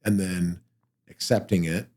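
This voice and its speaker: A man working as a performance and mental health coach, explaining ideas calmly and steadily in an interview. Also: deep voice, slight background noise. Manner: calm, measured explaining. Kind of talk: interview guest conversation. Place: podcast studio room.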